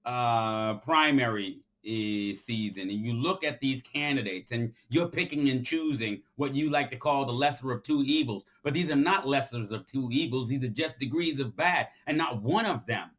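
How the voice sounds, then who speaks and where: A man giving an off-the-cuff, impassioned monologue to his followers. He talks in a preachy way, repeats phrases for emphasis, and swings between loud outbursts and quiet stretches. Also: medium pitch, moderate pace, few pauses. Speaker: commentator addressing his followers.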